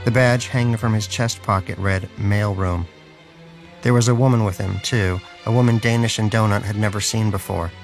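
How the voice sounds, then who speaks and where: A man's voice: lowish voice, steady tone, fairly quick, few pauses, faint music behind. A man narrating an audiobook in a dry, wry storytelling manner.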